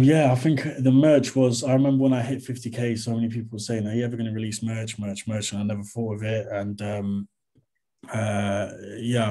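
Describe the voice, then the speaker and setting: An English man in his 20s, a comedy content creator, chats easily and casually as an interview guest in a lowish, slightly mellow voice. He drops "mate" and "to be honest" along the way.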